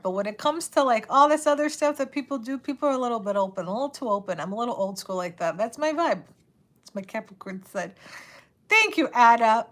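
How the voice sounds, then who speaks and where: A woman in her thirties hosting a live stream, chatting casually, full of "like" fillers and laughter, reading viewer comments, her voice getting a bit raspy. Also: a little high, expressive, brisk, a bit bright.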